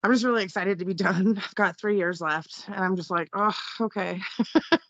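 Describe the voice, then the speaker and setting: A woman's voice: medium pitch, a little fast, dry recording. A young woman, a guest on a podcast, chatting in an upbeat way with frequent laughter. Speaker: podcast guest, fighter and law student. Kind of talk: casual interview chat. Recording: dull, dry lo-fi audio.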